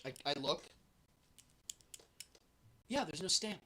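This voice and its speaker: A man hosting a show, telling a travel story in a lively, animated way and acting out the voices of the people in it. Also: fairly high pitch, slow, slightly rough. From United States. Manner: lively storyteller, acts out the guards' and his own lines. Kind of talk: animated anecdote.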